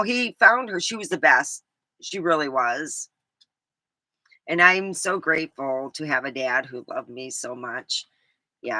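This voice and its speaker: Her voice sits low with a sharp edge as this California vlogger, speaking English-tinged American, tells meandering casual stories. She laughs along and fills gaps with frequent ums, recorded without room sound.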